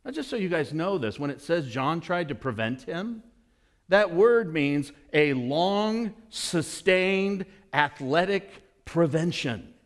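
A man's voice: fairly high pitch, takes it slowly. A male pastor preaching a sermon in a church, asking the congregation questions and acting out the people in the story. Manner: animated, acts out voices of people in the story.

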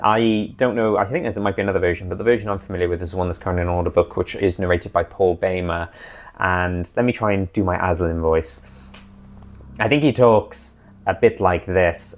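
A man recapping his tabletop campaign as dungeon master, in a chatty, animated way. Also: low voice.

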